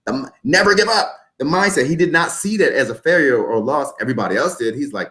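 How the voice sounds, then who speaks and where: A man's voice: medium pitch, fast talker, few pauses, sharp tone. A man in his twenties, a podcast guest, talking emphatically and repeating his points like a motivational speaker. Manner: emphatic, repetitive motivational talk. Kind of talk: podcast interview.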